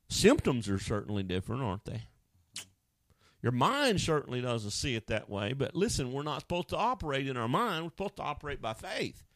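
A man preaching a sermon, animated, acting out Bible scenes and now and then jumping into high wailing voices. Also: no echo, clean studio sound.

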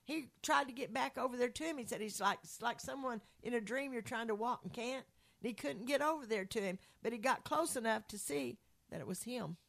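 A woman's voice: a little high, brisk, vocal fry, a bit bright. Lady telling a church testimony story, earnest, kinda rambly, keeps restarting. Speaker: speaker sharing a faith testimony. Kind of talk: conversational religious storytelling.

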